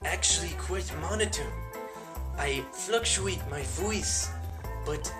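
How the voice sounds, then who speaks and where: A man imitating a stuck-up, nasal old man who speaks in a monotone. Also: on the high side, slow pace, over music, voice pushed up. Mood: snooty.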